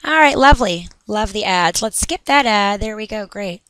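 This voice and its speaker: Bright, crisp woman teaching a lesson. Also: mid-range voice, lively intonation, moderate pace, no echo. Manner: upbeat, chatty, with asides. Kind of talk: recorded classroom lesson.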